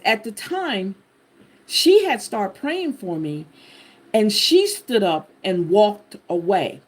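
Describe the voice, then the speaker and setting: A woman host telling a personal testimony to her viewers in an animated, expressive way, talking to them directly. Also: medium pitch. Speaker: channel host sharing a personal story.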